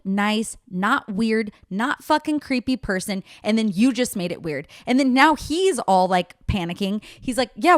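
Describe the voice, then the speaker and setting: A woman in her thirties runs a solo podcast, chatting casually with plenty of filler words, swearing and self-deprecating humor. Her mid-range voice is recorded clean in a studio with no room sound.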